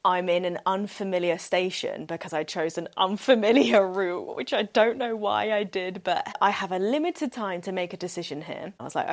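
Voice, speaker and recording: A woman's voice: medium pitch, normal speed, hardly any pauses. A young woman hosting a solo podcast, telling a story in an upbeat, chatty way with many "like" fillers, laughing often and acting out what people said. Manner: laughs often and acts out quoted speech. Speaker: podcast host.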